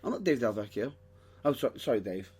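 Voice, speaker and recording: A man's voice: medium pitch, sing-song, a little fast, a little mellow, husky. A man hosting a casual wrestling podcast, joking and rambling and correcting himself as he talks. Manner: jokey, rambling, self-correcting. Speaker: podcast host.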